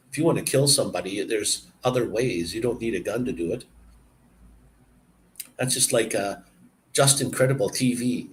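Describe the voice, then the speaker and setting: A man's voice: on the low side, slight background noise, low-quality recording. A man from Canada telling stories in casual chat, rambling and opinionated, with frequent restarts.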